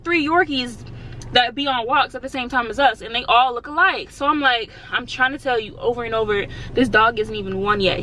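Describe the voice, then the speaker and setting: Young woman vlogger, animated storyteller; bright, slightly high voice. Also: slight background noise, poor audio. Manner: animated, slangy, acts out quotes. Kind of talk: storytime vlog.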